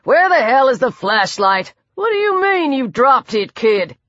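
Woman voicing a gruff male guard, cursing, blunt, higher voice than usual, dry dull sound. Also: big pitch swings, unhurried, fairly bright tone, no room sound, exaggerated voice. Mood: irritated.

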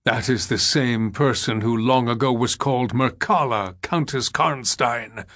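A man's voice: mid-range voice, unhurried, a bit bright, natural voice. A man reading the part of an agitated old general with a solemn, commanding delivery. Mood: stern. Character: agitated old male general, stern and grave.

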